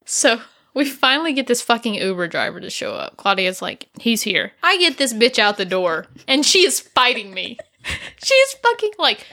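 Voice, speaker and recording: A young woman co-hosting a podcast, telling a story in casual chat, animated and swearing, laughing often. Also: fairly high pitch, moderate pace. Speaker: podcast co-host.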